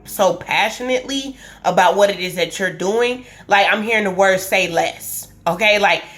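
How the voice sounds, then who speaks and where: Speaking at a moderate pace, a woman with a mid-range, slightly bright voice offers an informal tarot reading to camera. She thinks aloud, stressing and repeating what she has already said.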